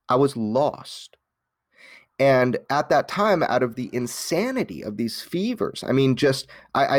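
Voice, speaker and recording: Animated man telling his story. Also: medium pitch, dry recording, studio quality. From Los Angeles. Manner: animated, frequent restarts, casual swearing. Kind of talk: candid personal storytelling.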